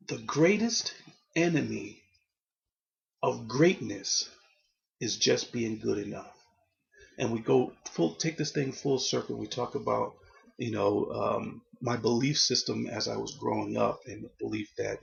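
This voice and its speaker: Gravelly earnest man, lo-fi. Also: medium pitch. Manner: earnest, rambling with many restarts. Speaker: motivational vlogger. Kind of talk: casual motivational talk.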